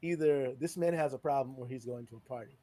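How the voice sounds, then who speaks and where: Dark in tone and mid-range, this man's voice races along with no echo. He co-hosts a podcast, casually telling friends a party story, cursing freely and voicing each quoted person with big pitch swings.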